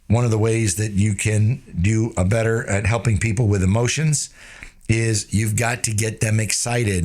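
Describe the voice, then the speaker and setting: A man gives a sales lesson in an energetic coaching manner. His voice sits at an ordinary middle pitch but often jumps higher or drops low as he demonstrates. He keeps tossing in quick tag questions to draw the listener in. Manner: changes pitch and tempo to demonstrate. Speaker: sales trainer. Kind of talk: instructional talk.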